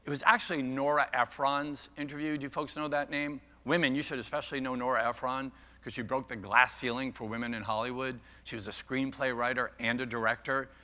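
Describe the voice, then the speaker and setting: Older man, keynote speaker, playful audience banter, very bright tone, long hall reverb. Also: medium pitch, level tone, a little fast, few pauses. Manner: playful, teasing the audience, self-mocking about age. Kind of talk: interactive keynote talk. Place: large conference hall.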